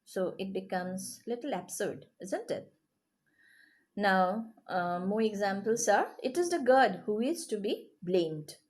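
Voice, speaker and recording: A woman's voice: medium pitch, animated, slow pace, darkish tone. A woman teaching a grammar lesson to children, explaining patiently and checking in with questions. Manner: explains patiently, checks in with rising "yes?" and "okay?".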